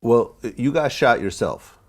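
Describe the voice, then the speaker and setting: A man doing an impression of a calm male interviewer, asking questions slowly and evenly. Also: mid-range voice, pitched below the performer's own voice. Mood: measured. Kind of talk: comedic parody interview.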